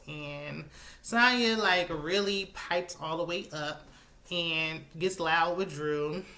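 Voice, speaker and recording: A woman hosting a reality TV recap in a casual, sassy chat, with sudden high-pitched exclamations. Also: pushed and bright.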